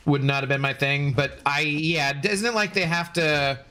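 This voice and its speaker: Jokey streamer man, slightly high voice. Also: fairly even intonation, normal speed, pushed and bright, soft background music. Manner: jokey and chatty, laughing often, answering chat. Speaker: game streamer. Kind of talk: casual live-stream chat while gaming.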